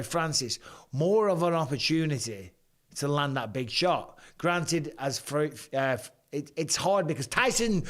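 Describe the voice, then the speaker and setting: A man's voice: a little high, a bit bright. A middle-aged man with a Lancashire accent, from England, hosting a live stream and rambling through fight talk, swearing freely. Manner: swearing, rambling, chatty banter. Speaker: host, former fighter. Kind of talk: casual live-stream commentary.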